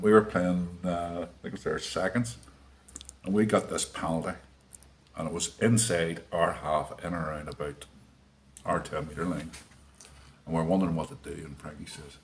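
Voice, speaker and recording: An older man, telling a sports anecdote in a lively storytelling manner. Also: sits low, normal speed. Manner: animated storyteller, laughs as he tells it. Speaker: interviewee, former teammate.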